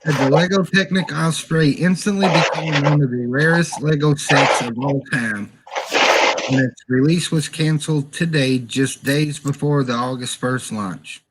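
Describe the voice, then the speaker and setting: A man's voice: a little high, measured pace. Dude reading out news and chat, matter-of-fact, loads of noise on his mic.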